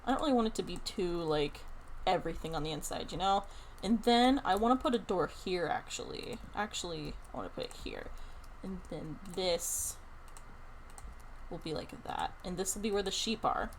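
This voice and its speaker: A young woman streaming a building game, chatting casually and thinking aloud in an excited, talkative way. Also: fairly low pitch, normal speed, slight background noise. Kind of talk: casual live-stream chat while playing a building game.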